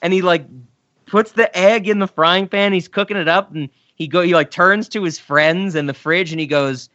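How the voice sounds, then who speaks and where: A man co-hosting a podcast, chatting casually and animatedly, with quick asides and frequent laughter. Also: sits high, a bit bright, no room sound, muffled recording. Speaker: podcast co-host. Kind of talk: casual chat about sketch comedy.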